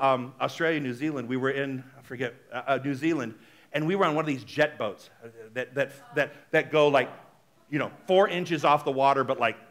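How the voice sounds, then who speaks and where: A male minister giving a conversational sermon, animated and chatty, often checking in with the congregation. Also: mid-range voice. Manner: chatty, frequently asks the congregation "right?"; animated, shifts between loud exclamations and soft asides.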